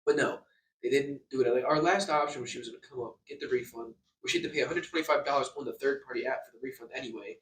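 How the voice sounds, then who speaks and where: Young man vlogging an agitated rant, fast, echoey and off-mic. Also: medium pitch, a bit bright, slight background noise. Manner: agitated, swearing, stammering repeats. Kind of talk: angry storytime rant. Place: hotel room. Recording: echoey room, distant mic.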